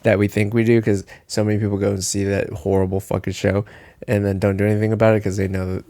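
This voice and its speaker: A man's voice: fairly low pitch, flat delivery, quick pace, mellow. A man co-hosting a podcast in casual chat, crude and rambling, laughing often. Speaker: podcast co-host.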